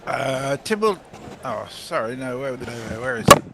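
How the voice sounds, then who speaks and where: A man's voice: medium pitch, big pitch swings, unhurried, gravelly, bright, forceful tone, slight background noise. A man on a cricket commentary team who reads out facts about players and laughs along with the others.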